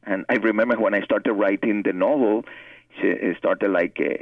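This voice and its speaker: Gravelly Cuban man on a tinny phone line. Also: on the low side, steady tone, normal speed, no room sound, recorded from a distance. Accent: Cuban Spanish. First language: Spanish. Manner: earnest, repeats words while searching for English. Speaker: novelist guest. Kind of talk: interview conversation.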